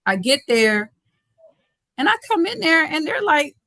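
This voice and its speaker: A young woman, a basketball coach, telling her story in a casual, colloquial way during an interview, animated and laughing often. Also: high-pitched, measured pace, vocal fry, no room sound. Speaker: guest, head basketball coach.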